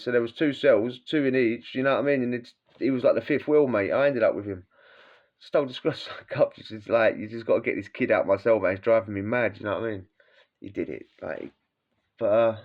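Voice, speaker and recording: Slangy British man with dull sound. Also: mid-range voice. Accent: British English. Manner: slangy, swears freely, laughs through stories. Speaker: former prisoner telling stories. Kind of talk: casual storytelling.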